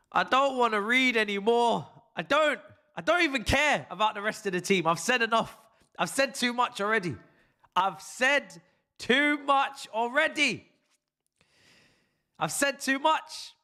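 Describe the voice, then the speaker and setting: A man hosting a live football watch-along, theatrical and exasperated, swearing freely and lurching from low muttering to shouted outbursts and laughter. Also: animated, measured pace. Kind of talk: live fan reaction stream.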